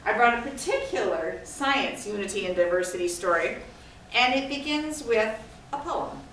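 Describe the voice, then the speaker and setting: A woman's voice: a little high, expressive, normal speed, a bit bright. A woman from Scotland giving an informal, digressive talk to an audience, chatty and self-deprecating. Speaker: guest speaker. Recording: echoey hall from far off, faint noise.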